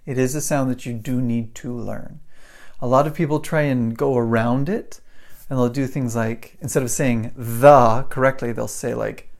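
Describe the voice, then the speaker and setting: A man's voice: mid-range voice, fairly even intonation, normal speed, vocal fry, a little mellow. A man teaching English pronunciation to camera, explaining patiently and checking in with the viewer again and again. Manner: explains patiently, keeps checking with "right?" and "okay?". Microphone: microphone in front of him.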